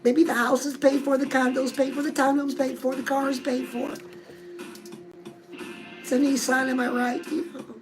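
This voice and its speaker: Clear music underlies this comedic live show, where a self-help host with a notably high voice keeps addressing her listener as "girl" in a chatty, sassy coaching tone. She speaks at a moderate pace in a level tone with long pauses, and the recording is low quality.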